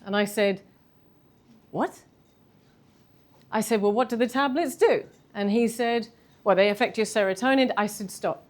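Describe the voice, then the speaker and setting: A woman, telling a candid personal story in a talk, animated and self-deprecating. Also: fairly high pitch. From London. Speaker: speaker giving a talk.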